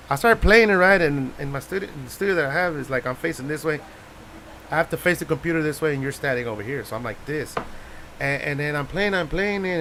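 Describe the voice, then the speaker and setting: Tejano male singer, higher voice, laughing storyteller, faint background noise. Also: bright, forceful tone. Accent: Tejano Spanish-English. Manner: laughing anecdotes, mixes Spanish into English. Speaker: singer-songwriter guest. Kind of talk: casual storytelling.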